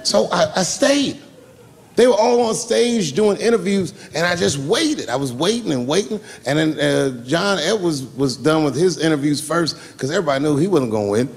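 A man's voice: fairly high pitch, lively intonation, moderate pace. A man doing stand-up comedy, telling a long story loosely and profanely and acting out the people in it. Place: live comedy stage.

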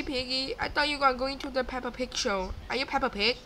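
A gaming YouTuber, a young woman with a high, bright voice, gives brisk live commentary on her gameplay, excitable and chatty, screaming, gasping, and talking back to the characters on screen. Faint game ambience hisses beneath her voice.

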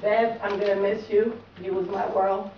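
At an indoor funeral gathering, a daughter gives an emotional eulogy in a plain, heartfelt way. Her voice is medium in pitch, fairly flat in intonation, and at a normal speed. The recording sounds distant, roomy, muffled, and noisy.

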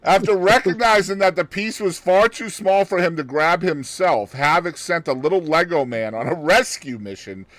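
A man's voice: high voice, moderate pace, hardly any pauses, fairly bright tone, dry recording. A man co-hosting a podcast, reading out a news story in casual chat and adding joking asides with frequent laughter. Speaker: podcast co-host.

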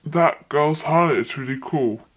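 A young woman voicing an awed alien from Mars as a comic impression, drawn out and slow. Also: low-pitched, voice pushed down. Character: slow, deep-voiced alien gawking from Mars.

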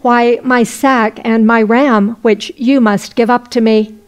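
A woman's voice: on the high side, steady tone, slow pace, faint music behind. A woman voicing an angry, drunken peasant man who demands his goods back. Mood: indignant. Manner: indignant, demanding.

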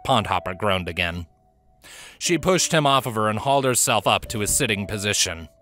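Male audiobook narrator, low-pitched, bright-toned, steady fantasy storytelling. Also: normal speed, faint music behind.

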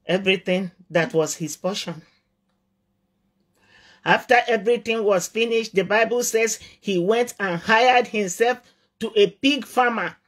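Preacher guy, high ringing voice, repeats lines and builds to shouting. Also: measured pace. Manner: impassioned, repeats phrases for emphasis, often rises to shouting. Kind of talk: sermon.

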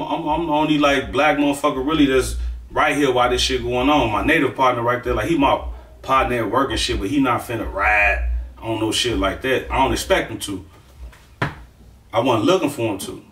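A man tells a story casually, swearing freely and punching up the action with his own sound effects. His voice sits at a middle pitch. He is heard from a distance in a room with noticeable echo. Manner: profane, emphatic, animated with sound effects. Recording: echoey room, far from the mic.

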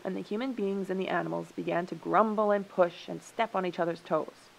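A woman narrating a children's story aloud for a radio show in an expressive, gently paced way. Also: lowish voice, fairly quick, vocal fry, a little hiss or hum, low-quality recording.

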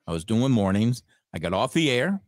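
A man's voice: mid-range voice, sing-song, a little fast, no echo, studio quality. A middle-aged man from the Frederick area, a radio veteran and guest, chatting and telling stories in an interview, acting out the people he quotes. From Frederick, Maryland area. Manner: chatty, laughs at own stories, acts out quotes. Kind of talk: casual storytelling interview.

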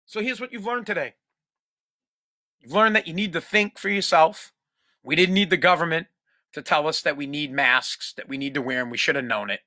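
Male podcast host, profane exasperated rant, bright tone, dry close sound. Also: fairly high pitch, moderate pace, no room sound. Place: home.

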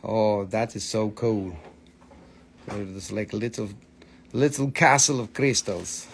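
Man, live sales host, gravelly voice, excited patter. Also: lowish voice, takes it slowly, a little hiss or hum. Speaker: live-stream seller.

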